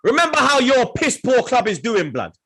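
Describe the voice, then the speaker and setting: A man's voice: very high-pitched, huge pitch swings, moderate pace, sharp tone, husky. A young man, hosting a football podcast and trash-talking rival fans in heated, laughing banter.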